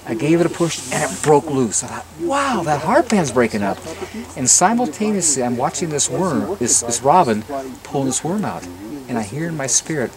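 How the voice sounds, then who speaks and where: A man from the Los Angeles area giving a garden tour, telling stories with lively energy and often repeating words as he starts his sentences. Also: mid-range voice, fairly quick. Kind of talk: casual outdoor talk to a tour group. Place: outdoors in a garden with a crowd. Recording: distant outdoor recording with crowd noise.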